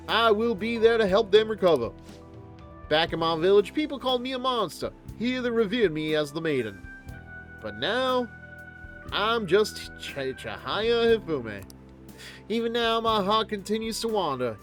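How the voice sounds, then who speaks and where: Reading game dialogue on stream, a man voices an earnest young fortune teller, solemn and heartfelt, now and then dropping into a blunt country dialect. His high voice swings widely in pitch at a normal speed, with faint music in the background.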